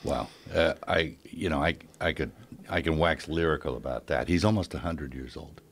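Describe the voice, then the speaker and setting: A middle-aged man, a podcast guest, telling a story in a halting, anecdotal way with chuckles. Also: rumbling low, slight background noise. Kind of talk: casual chat.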